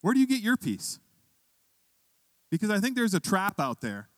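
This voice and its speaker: A man's voice: sits high, wildly swooping pitch, normal speed, dry recording. A man preaching a sermon, telling a personal story conversationally and building to emphatic questions for his church. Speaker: pastor.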